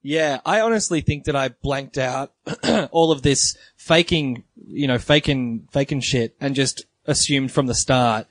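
A man's voice: medium pitch, unhurried, hardly any pauses, no room sound. A man co-hosting a casual podcast chat, talking hesitantly with many fillers and restarts. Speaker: podcast co-host.

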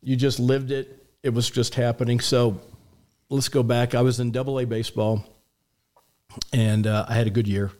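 A man in his sixties telling anecdotes as a guest on a radio talk show, relaxed and full of restarts. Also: mid-range voice, normal speed. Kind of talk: storytelling in a radio interview.

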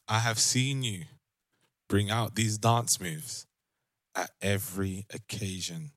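Laughing, teasing London man, bright voice. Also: lowish voice, steady tone, slow pace, pauses often, no room sound. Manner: laughs often, teasing, swears. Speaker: podcast co-host. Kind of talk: casual banter.

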